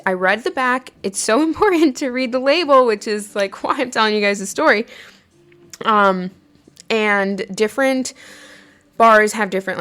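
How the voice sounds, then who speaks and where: A woman's voice: medium pitch, a bit bright, clean tone. A woman hosting her own podcast, telling a personal story in a chatty way, full of "like" fillers and laughing while she talks. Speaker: podcast host. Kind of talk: casual storytelling monologue.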